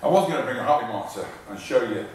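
A man's voice: mid-range voice, animated, very fast, darkish tone, slight background noise. A man, a fitness trainer, giving an informal live talk to an audience, repeating himself and restarting sentences, getting out of breath while he exercises. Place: large echoey hall in front of an audience. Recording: echoey hall recording from far off.

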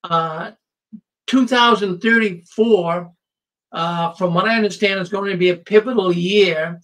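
A man's voice: high-pitched, steady tone, unhurried, fairly bright tone, recorded from a distance, low-quality recording. A man hosting a call-in show, who talks to callers in a chatty, reassuring way.

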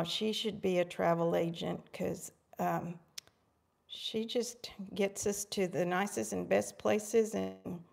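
A woman's voice: medium pitch, gravelly. A middle-aged woman hosting a live craft stream, bubbly and chatty, calling her viewers friends. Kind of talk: casual live craft demo chat.

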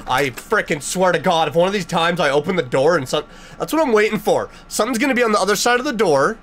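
A man hosting a casual let's-play, joking sarcastically and blurting loud startled reactions. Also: on the high side, animated, fast, faint music behind. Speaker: gaming channel host.

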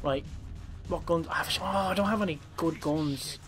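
A rowdy man talks over his gameplay, swearing often and breaking into sudden shouts. His voice sits a little high for a man. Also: normal speed, music in the background. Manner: rowdy, profane, bursts into shouts. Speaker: gameplay commentator. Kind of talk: casual gameplay commentary.

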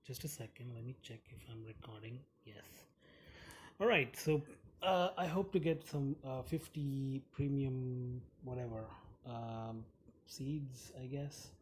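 A man's voice: medium pitch, measured pace, slight background noise. A man giving casual, rambling commentary while playing a mobile game, chatty and giggly, with many fillers. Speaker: gaming channel host.

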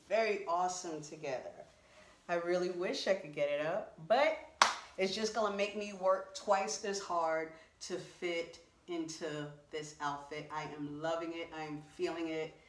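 A woman's voice: on the low side, unhurried, distant mic. A woman chatting through a clothing try-on haul video, exclaiming and talking straight to her viewers. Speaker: vlogger. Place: home room. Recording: roomy echo.

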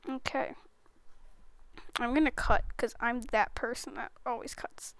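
Brief: high, smooth-voiced woman gamer, giggly, slow casual commentary, dry close mic. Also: fairly even intonation, no echo. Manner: giggly, silly, breaks into laughter. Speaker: gaming YouTuber.

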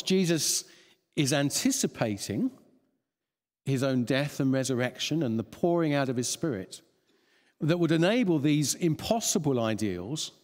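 A man's voice: mid-range voice, a little mellow. A man preaching a sermon, chuckling often and restarting phrases as he thinks aloud. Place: church hall. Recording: long church reverb.

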